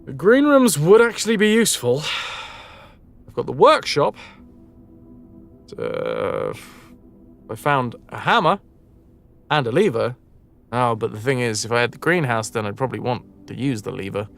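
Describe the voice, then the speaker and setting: A man's voice: mid-range voice, very animated, normal speed, gravelly, long pauses, fairly bright tone, faint music behind. A man with a Yorkshire accent streaming a game, chatting casually, musing aloud and answering his chat. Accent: northern English, Yorkshire. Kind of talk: casual live-stream chat while gaming.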